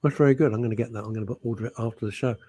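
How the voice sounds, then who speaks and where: A man's voice: medium pitch, fairly even intonation, dark tone, no room sound. Teasing British male radio host. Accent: British English. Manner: jokey, teasing, quick asides. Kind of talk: casual banter on air.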